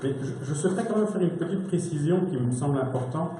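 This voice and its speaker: Male lawyer, mellow tone, halting delivery, echoey conference hall. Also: a little high, animated, slight background noise. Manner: hesitant, many fillers. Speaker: lawyer and invited speaker. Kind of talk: press conference remarks.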